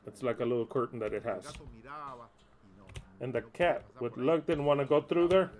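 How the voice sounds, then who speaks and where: Candid, animated male preacher. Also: mid-range voice, moderate pace. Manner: animated and candid, with coarse language and frequent restarts. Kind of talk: informal sermon storytelling.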